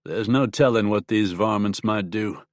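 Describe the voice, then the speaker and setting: A man voicing a calm frontier gunfighter in an audiobook, with a flat, hard, drawling delivery. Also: lowish voice, normal speed, dry recording, studio quality, natural voice. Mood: steely. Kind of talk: audiobook character voice.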